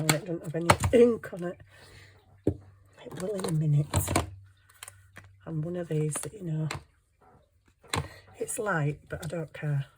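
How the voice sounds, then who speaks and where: A woman's voice: sits low, unhurried, long pauses, heavy background noise. A woman chatting casually while making a junk journal at home, self-deprecating and talking to herself as she works. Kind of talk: casual craft tutorial chat.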